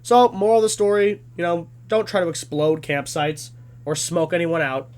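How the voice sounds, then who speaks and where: A man in his twenties telling a comedic story in an animated, self-deprecating way. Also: on the high side, moderate pace.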